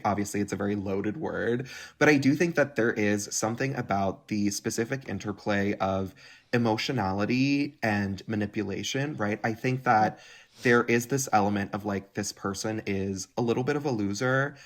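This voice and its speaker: A man being interviewed as a guest writer, chatty and animated, peppering his talk with "like" and acted-out quotes. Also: fairly low pitch, normal speed. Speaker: guest, writer and content creator. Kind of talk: conversational interview.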